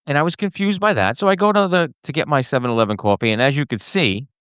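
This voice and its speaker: A man's voice: a little high, fast talker, clear, resonant tone, no room sound. A man hosting a podcast, ranting casually to camera with lots of fillers and restarts. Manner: animated, rambling with many fillers and restarts. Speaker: podcast host. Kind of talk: casual solo rant to camera.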